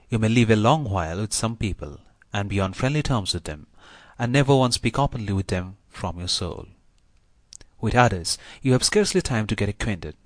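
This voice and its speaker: Male audiobook narrator, low voice, measured and even reading, dry recording. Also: no echo.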